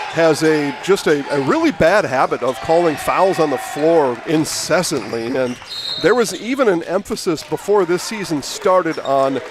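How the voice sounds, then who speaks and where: A man doing play-by-play for a high school basketball game, chatty and prone to rambling, opinionated asides, speaking from a gym broadcast booth. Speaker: play-by-play announcer. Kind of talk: sports commentary. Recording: noisy gym audio with ball bouncing.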